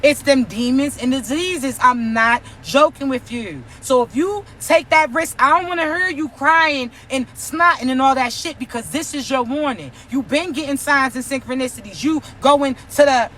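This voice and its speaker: A woman's voice: high voice, moderate pace, hardly any pauses, a bit bright, slight background noise. A woman giving a spiritual reading, delivered as a brash, profane, teasing scolding. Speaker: spiritual reader. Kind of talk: spiritual warning rant.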